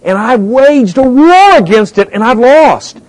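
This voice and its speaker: A male pastor preaching a sermon, emphatic, moving between quiet stretches and loud rising points. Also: very high-pitched, very animated, measured pace, poor audio.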